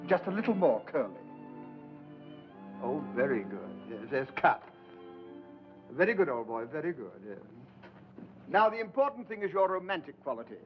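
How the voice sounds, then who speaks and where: An actor playing a fussy, pompous screen-test director who coaxes briskly and condescendingly. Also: male voice, a little high, very animated. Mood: coaxing. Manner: brisk, condescending, "old boy" coaxing. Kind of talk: 1940s film acting. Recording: dull old film soundtrack with music.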